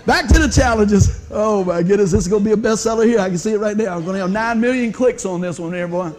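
A man preaching a humorous storytelling sermon in a church, animated and laughing often, breaking into excited whoops. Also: high-pitched, quick pace, slight background noise. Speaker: pastor. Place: church sanctuary before a congregation.

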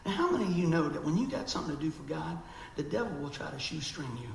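Gravelly preacher man telling a story. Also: on the high side, quick pace, echoey room, slight background noise, poor audio. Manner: animated storyteller, acts out quoted voices. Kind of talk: storytelling sermon.

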